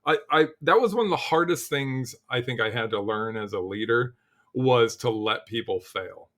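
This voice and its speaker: A middle-aged man, a guest on a podcast, telling stories in a casual, animated way, full of "like" and restarts, and acting out quotes. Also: medium pitch, normal speed. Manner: animated storyteller, acts out quotes, frequent "like" and restarts. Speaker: podcast guest, cybersecurity leader. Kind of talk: casual interview chat.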